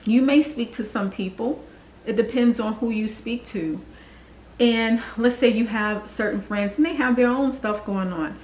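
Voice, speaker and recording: A woman's voice: on the high side, measured pace, darkish tone, reverberant, rough recording. A woman in her forties telling her personal story to the camera in an earnest, confiding way. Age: 40s. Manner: earnest, confiding, acts out quoted voices. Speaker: vlogger.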